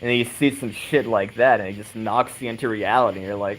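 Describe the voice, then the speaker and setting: A man's voice: fairly low pitch, fairly even intonation, fast talker, a little hiss or hum, rough recording. A man casually chatting with viewers of his stream, rambling, swearing a lot and chuckling often, while rocking on a swing on an outdoor porch. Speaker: livestream host.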